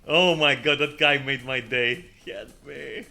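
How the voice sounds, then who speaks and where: A man's voice: mid-range voice, steady tone, unhurried, gravelly, bright, forceful tone. A man giving casual gameplay commentary, chatty and swearing offhand, breaking into laughter often. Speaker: gamer. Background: faint game music.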